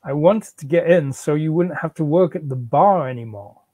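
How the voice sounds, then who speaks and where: A man's voice: on the high side, moderate pace, warm tone, a little hiss or hum, natural voice. A man in a live reading, voicing a defensive, pleading unemployed husband and father.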